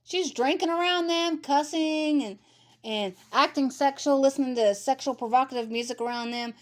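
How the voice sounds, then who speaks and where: A high-pitched woman in her thirties speaks at a moderate pace as she vlogs. Casual and blunt, her commentary to camera turns into a rant where she repeats things for emphasis.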